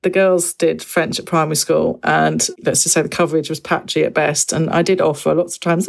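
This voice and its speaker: A woman's voice: low-pitched, fairly quick, vocal fry, few pauses. A woman, a secondary French teacher and parent, chatting on a video call and acting out the voices of people she quotes. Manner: animated storyteller, acts out quoted voices. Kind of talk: casual podcast conversation.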